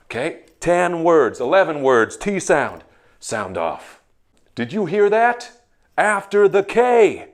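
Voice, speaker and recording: A man runs an English pronunciation lesson like a drill sergeant, barking commands. He drills each word with long pauses between them, and his pitch jumps high and low. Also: sing-song. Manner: barked commands, slow drilled word lists. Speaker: English teacher.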